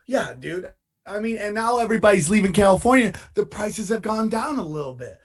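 A man's voice: sits high, lively intonation, brisk. A man hosting a podcast in casual, laid-back chat, calling everyone "dude". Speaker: podcast host.

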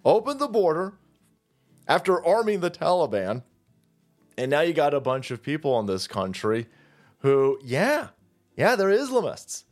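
A man's voice: on the high side, very animated, a little slow, long pauses, soft background music. A man hosting crude political commentary, mocking and swaggering, slipping into sneering mock voices. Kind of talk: profane ranting commentary.

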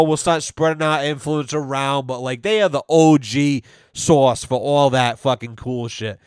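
A man's voice: fairly high pitch, clear, resonant tone, no room sound, clean studio sound. A young adult man hosting a podcast, telling a rambling, profanity-filled story in casual chat. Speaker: podcast host.

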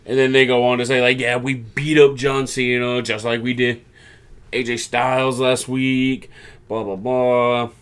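A man's voice: medium pitch, little pitch movement, measured pace, fairly bright tone, clean tone. A man casually recapping a wrestling show, breaking into mocking voices to quote the wrestlers. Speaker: podcast co-host.

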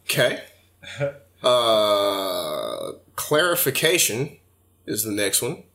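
A man co-hosting a podcast, casually reading definitions aloud and commenting on them in a relaxed way. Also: fairly low pitch, extremely slow. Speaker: podcast co-host.

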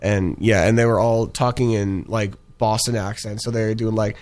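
A man's voice: lowish voice, steady tone, normal speed, darkish tone. A young man chatting casually about ads he has seen, rambling with plenty of fillers and restarts. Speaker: co-host reviewing ads. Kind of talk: casual chat.

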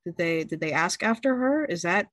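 A woman voicing a grim middle-aged tavern-keeper father, speaking low and clipped in a tabletop game. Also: animated, normal speed, a bit bright, no room sound. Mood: accusing.

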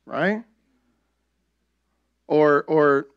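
A man's voice: sits high, lively intonation, moderate pace, a bit bright, highs cut off. A young adult man preaching a sermon as pastor, talking conversationally and often asking the congregation "right?".

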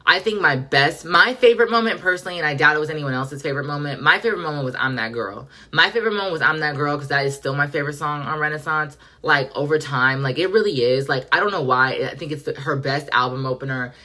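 Low-voiced effusive podcast woman. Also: quick pace, hardly any pauses, pushed and bright. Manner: effusive, profane, dramatic, acts out quotes. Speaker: podcast host. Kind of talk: casual pop culture chat.

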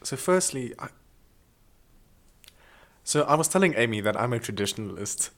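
A man co-hosting a casual comedy podcast, telling stories in an animated, chatty way and slipping into playful impressions. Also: medium pitch, normal speed. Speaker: podcast co-host.

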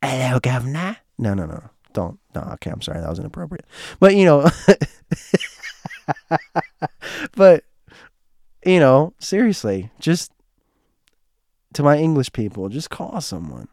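A man with a hoarse, strained throat telling a personal story in a casual monologue, rambling and restarting, heartfelt with bits of joking. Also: a little high, big pitch swings, unhurried, long pauses, darkish tone, no echo, clean studio sound.

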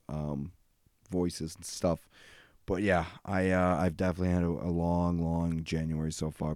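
A man's voice: sits low, dark tone, no room sound, studio quality. A young adult man hosting a casual solo podcast, rambling loosely and swearing freely. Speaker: podcast host.

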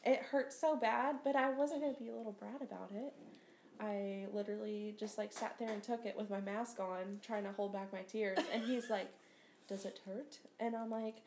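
A woman's voice: mid-range voice, steady tone, moderate pace, darkish tone. A young adult woman, a nurse and podcast co-host, telling a funny story in casual chat with frequent laughter. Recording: roomy recording with faint noise.

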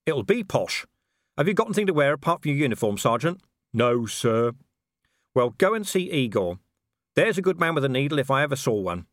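A man's voice: mid-range voice, big pitch swings, brisk, no room sound, clean studio sound, voice pushed up, lightly acted. A man voicing a blunt, weary commander of the city watch who speaks dryly and impatiently. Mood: grumbling, wry.

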